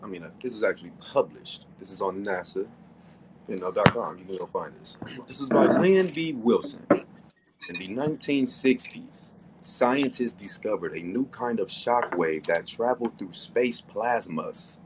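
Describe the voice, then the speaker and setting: A man hosting a casual debate stream who teases his opponent and reads sources aloud, stressing key words. He talks slowly and deliberately. A faint hiss sits under the recording. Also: fairly low pitch.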